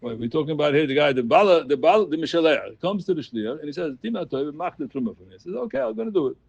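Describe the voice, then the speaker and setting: Gravelly man teaching a Talmud class. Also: on the high side, racing, no room sound, highs cut off. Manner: animated, sing-song chanting of quoted text. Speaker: Talmud study group leader.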